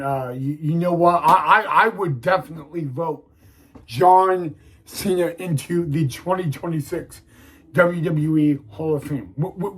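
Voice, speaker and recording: A young man hosting a wrestling vlog, talking haltingly to viewers with many restarts and near tears. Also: on the high side, low-quality recording. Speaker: wrestling video host. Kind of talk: casual vlog talk to viewers.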